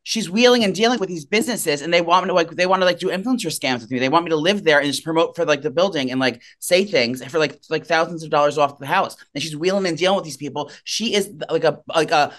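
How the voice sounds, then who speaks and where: A man co-hosting a casual gossip chat, telling stories in a rapid, excitable way. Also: on the high side. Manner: rapid, excitable storytelling full of fillers. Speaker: podcast co-host.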